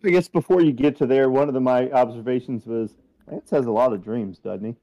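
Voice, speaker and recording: A man's voice: mid-range voice, brisk, warm tone, highs cut off. A man co-hosting a podcast in casual chat, making wry, incredulous remarks. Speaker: podcast co-host.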